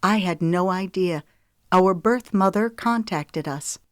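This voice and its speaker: A candid young woman singer, voiced by a female audiobook reader, steady and matter-of-fact. Her lines sit a bit above the reader's low natural pitch, recorded dry and close. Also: slow pace, dry recording.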